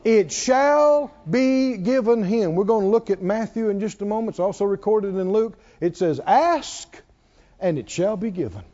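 The man preaching has a high-sitting voice with a dark tone and lively intonation, moving at normal speed. It's a dull lo-fi church recording, and his call-and-response sermon is full of questions to the congregation.

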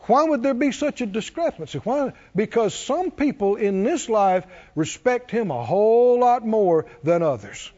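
Animated high-pitched preacher, lo-fi. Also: male voice, unhurried, few pauses. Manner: animated preaching, jokes with congregation, does cartoon voices. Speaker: pastor. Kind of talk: sermon.

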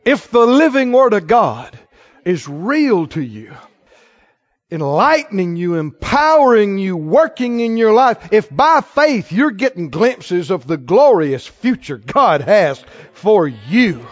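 A man delivers a sermon in a high voice, dropping to quiet asides and then rising to near-shouts. The recording is dull and muffled. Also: sing-song, slow pace. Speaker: preacher.

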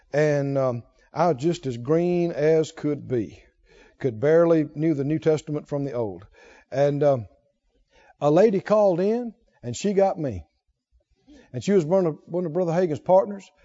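A man preaching a sermon, telling a personal story that swings between hushed asides and emphatic points. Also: a little high. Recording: dull lo-fi sound.

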